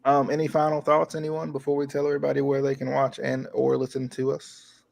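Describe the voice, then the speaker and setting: A man hosting a casual podcast, with a gravelly, creaky voice recorded dry and close. He talks in a laid-back, hesitant way, often pausing with filler sounds. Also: medium pitch, monotone, a little mellow, dry recording. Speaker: podcast host.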